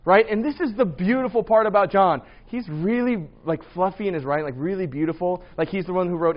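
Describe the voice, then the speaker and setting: High-voiced man teaching a Bible class. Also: brisk, few pauses, highs cut off. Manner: conversational, quizzes the class and keeps asking "right?".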